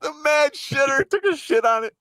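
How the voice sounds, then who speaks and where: A man hosting a live stream, telling army stories in a casual, profane way, laughing often and loudly acting out quotes. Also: very high-pitched, expressive, normal speed, dry recording. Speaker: show host and veteran.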